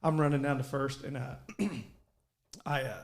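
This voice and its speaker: A man telling animated, profane stories on a casual podcast and shouting out his coach's lines. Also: medium pitch, moderate pace, gravelly. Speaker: podcast co-host. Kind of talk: casual storytelling chat.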